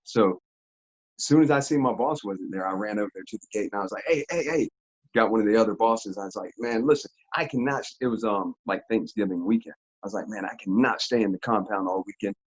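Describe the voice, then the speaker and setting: Man, low voice, husky, animated slangy storytelling, dull lo-fi recording. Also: fast talker. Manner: animated, slangy, laughs often. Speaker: interview guest. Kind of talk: casual storytelling.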